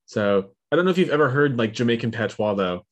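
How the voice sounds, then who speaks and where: A man co-hosting a podcast with a mid-pitched voice, neither high nor low for a man. He talks in a relaxed, meandering way, with lots of "like" and "um". The delivery is easygoing and chatty. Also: fast. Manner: relaxed, filler-heavy talk. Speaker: podcast co-host. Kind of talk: casual podcast chat.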